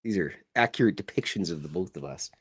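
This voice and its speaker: Sketching cartoons as he talks, this middle-aged Canadian podcast host rambles along in a joking, self-deprecating, meandering way. He has a low, slightly rough voice with lively intonation and a quick pace.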